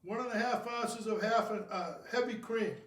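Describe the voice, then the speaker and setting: A man's voice: high voice, moderate pace, recorded from a distance. A man hosting a casual home cocktail video, rambling and joking about himself as he mixes a drink. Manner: jokey, rambling, self-mocking. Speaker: cocktail show host. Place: home kitchen. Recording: roomy, from off the mic.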